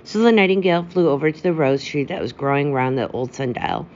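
A woman reading a fairy tale aloud in a steady, gentle storytelling manner. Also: low-pitched, fairly quick. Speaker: audiobook reader. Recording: dull lo-fi with faint hiss.

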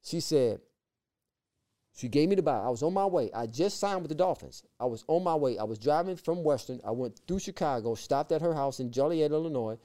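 A man telling his personal faith testimony as a guest, with lively repeated phrases and acted-out quotes. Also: on the high side, a little fast. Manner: lively, repeats words, acts out quoted voices. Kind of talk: animated personal storytelling.

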